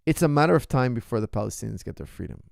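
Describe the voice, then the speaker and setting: Heated, indignant male coach with lively pitch. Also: very fast, vocal fry, no echo, studio quality. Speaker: MMA coach and podcast host. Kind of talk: casual Q&A podcast rant.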